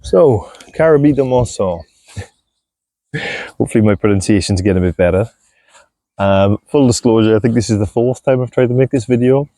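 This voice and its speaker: A man chatting casually while he shows his farm and garden, relaxed and self-deprecating, with a clip-on mic. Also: lowish voice, fast talker, dry recording. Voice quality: gravelly. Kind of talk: casual walk-and-talk vlog. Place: outdoors on a farm and in a polytunnel. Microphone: clip-on mic on clothing.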